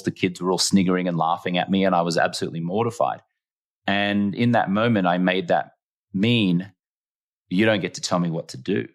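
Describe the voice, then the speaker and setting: A man from Australia with an Australian accent, a podcast guest telling personal stories in an earnest, emphatic way and repeating phrases for effect. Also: low voice. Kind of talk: reflective storytelling in conversation.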